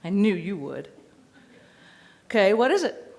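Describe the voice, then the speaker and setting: A woman dog trainer teaching a seminar audience in a lively, playful way, sometimes acting out a dog's voice. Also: mid-range voice, a little slow, gravelly.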